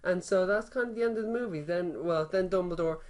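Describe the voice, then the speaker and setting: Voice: medium pitch, fairly quick, a little mellow, slight background noise. A young adult podcast co-host in casual chat, retelling a film in a jokey, mocking way.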